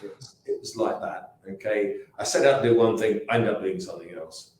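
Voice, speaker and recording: A man's voice: lowish voice, brisk, darkish tone, slight background noise. A man in his sixties with an English accent, a company founder telling rambling anecdotes in a casual interview, with restarts and asides. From England. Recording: very echoey room.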